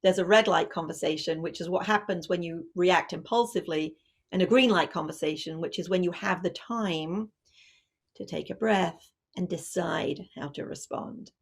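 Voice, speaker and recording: A middle-aged woman, an author, giving a lively book talk and acting out family scenes. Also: on the low side, moderate pace, creaky, breathy edge. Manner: lively storytelling, acts out scenes. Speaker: author and parenting speaker. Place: online video event.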